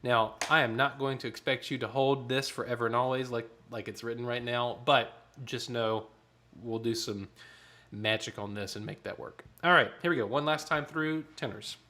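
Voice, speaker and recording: A man's voice: medium pitch, steady tone, moderate pace, sharp tone. A man leading an online choir rehearsal, explaining the tenor parts and counting off rhythms, with a piano nearby. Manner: instructive, counts and sings parts aloud. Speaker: choir director.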